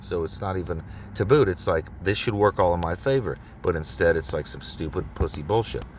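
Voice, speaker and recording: Man, deep-voiced, angry profane vlog rant from his car, faint noise behind. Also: brisk, darkish tone. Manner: agitated, profane, repeats himself. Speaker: vlogger.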